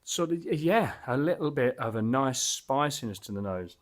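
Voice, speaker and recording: A man's voice: medium pitch, lively intonation, normal speed. A man casually reviewing a beer as he tastes it, enthusiastic and rambling, with lots of fillers and restarts.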